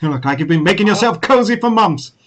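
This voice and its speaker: A man's voice: high-pitched, lively intonation, fast, crowd noise, voice pushed up. A man playing an exasperated male war wizard who speaks scornfully and accusingly in a tabletop role-play.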